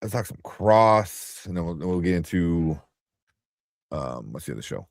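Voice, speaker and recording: A man's voice: deep voice, lively intonation, moderate pace, creaky, dry recording, studio quality. A man hosting a casual podcast chat, sleepy and rambling, with many restarts. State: sleepy, yawning. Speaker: podcast host.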